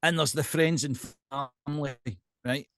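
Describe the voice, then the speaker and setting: On the high side and speaking at a measured pace, this Scottish man is a pipe band drummer guesting on a podcast. He rants animatedly in casual chat, frequently checking in with "right?", and there's no echo.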